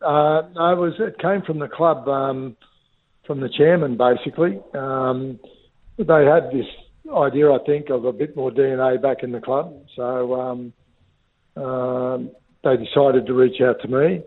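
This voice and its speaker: An older Australian man, a rugby league club's football director, talking relaxed and rambling in a phone interview. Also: medium pitch, unhurried. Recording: tinny phone line.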